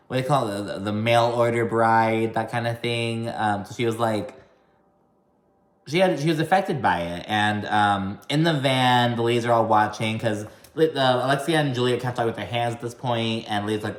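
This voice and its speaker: A man's voice: medium pitch, normal speed, a bit bright. Man doing a casual reality-show recap, swearing and sassy, recorded in a roomy, echoey space. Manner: profane, sassy, exasperated. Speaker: recap commentator.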